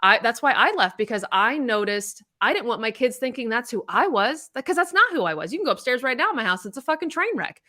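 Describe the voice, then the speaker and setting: A woman's voice: fairly high pitch, big pitch swings, fast talker, few pauses, pushed and bright. A middle-aged woman, a podcast co-host, telling a personal story in candid casual chat, blunt and swearing freely.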